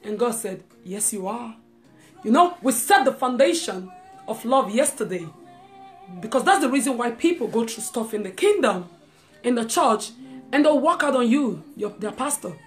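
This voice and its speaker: Woman preacher, live-streamed sermon, animated and talking right to her listeners, soft music in the background. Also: on the high side, moderate pace. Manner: lively, talks straight to listeners with asides; reads scripture aloud.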